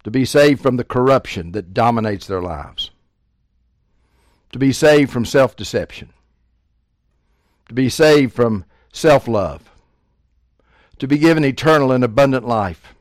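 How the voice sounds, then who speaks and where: A man preaching with strong emphasis, his voice climbing louder and higher whenever he quotes scripture, then dropping low and quiet for asides. His voice sits at an ordinary middle pitch. The sound is close and dry, with no room echo. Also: lively intonation, measured pace, long pauses. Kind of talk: sermon.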